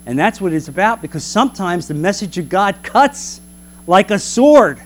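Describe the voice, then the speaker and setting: A man teaching a Bible class in an animated preaching manner, full of rhetorical questions. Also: high-pitched, normal speed, a little hiss or hum.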